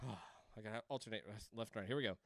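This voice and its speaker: A man's voice: fairly low pitch, fast talker, vocal fry, dry recording, studio quality. A man playing a video game at home into a desk microphone, rambling, laughing and breaking into screams. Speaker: game streamer. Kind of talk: let's-play commentary. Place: home room.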